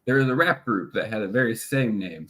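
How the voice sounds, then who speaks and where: A man's voice: fairly low pitch, lively intonation, fairly quick, fairly bright tone. A man co-hosting a loose, joking podcast chat. He swears casually and often breaks into laughter partway through a sentence. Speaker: podcast co-host.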